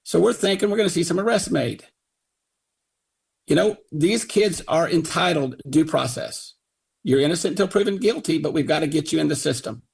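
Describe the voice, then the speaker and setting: Gravelly, indignant middle-aged father. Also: fairly high pitch, animated, normal speed, darkish tone. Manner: indignant, quotes others in put-on voices. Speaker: father of a victim, radio guest. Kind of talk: angry retelling on talk radio.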